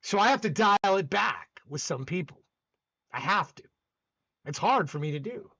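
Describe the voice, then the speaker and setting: A man's voice: high voice, lively intonation, normal speed, bright, forceful tone, slightly rough, muffled recording. A man hosting a casual stream, talking intensely and emphatically with frequent restarts. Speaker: host. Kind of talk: casual livestream chat.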